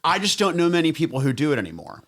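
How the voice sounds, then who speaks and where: A man's voice: on the high side, big pitch swings, racing, a bit bright. A man hosting a podcast in a studio, joking and teasing his guests in casual chat. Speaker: podcast host.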